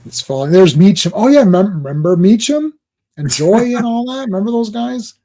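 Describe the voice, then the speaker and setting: A man's voice: high voice, expressive, moderate pace, mellow. A Canadian man co-hosting a comic book podcast, chatting casually, rambling and joking through anecdotes. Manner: rambling, jokey, tells anecdotes with quoted voices. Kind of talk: casual chat.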